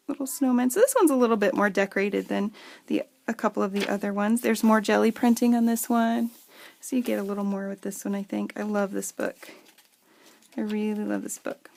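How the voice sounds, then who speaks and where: A woman's voice: a little high, vocal fry, a little mellow. A woman at home chatting casually and gushing as she shows viewers her handmade craft pieces. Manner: chatty and gushing, addresses viewers as "you guys". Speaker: craft seller showing handmade journals. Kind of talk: casual show-and-tell vlog.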